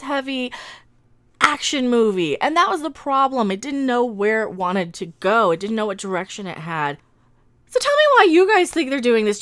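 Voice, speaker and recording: Indignant middle-aged woman vlogger, high bright voice, sarcastic rant, dry close sound. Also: no echo. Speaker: vlogger, commentator. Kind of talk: ranting commentary vlog.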